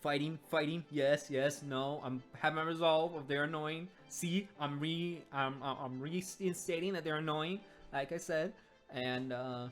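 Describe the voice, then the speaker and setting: Flustered boy in denial, stammering and insistent, read by a woman in a low voice. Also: steady tone, unhurried, faint music behind. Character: flustered boy denying his crush.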